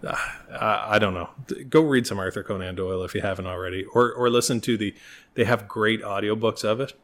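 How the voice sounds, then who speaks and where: A man's voice: on the low side, brisk, a bit bright. A man co-hosting a casual chat podcast, rambling and laughing often. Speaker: podcast co-host.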